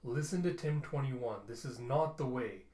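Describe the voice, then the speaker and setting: A man voicing a peaceful old robot elder who pleads calmly. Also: medium pitch, normal speed, reverberant, close to an everyday voice. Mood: solemn. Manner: solemn, pleading.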